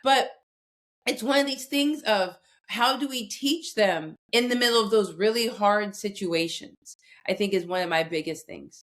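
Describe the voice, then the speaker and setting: Podcast guest, woman in her forties, earnest and direct, mid-pitched. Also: unhurried, a bit bright. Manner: candid storytelling, earnest and direct. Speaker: guest expert on conflict. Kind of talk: casual podcast conversation.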